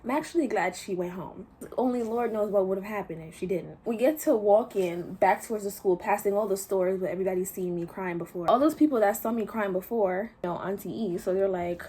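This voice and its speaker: A woman's voice: medium pitch, fairly quick, few pauses, warm tone, slightly rough. A young woman vlogging a casual storytime, retelling events with slang and quoted voices.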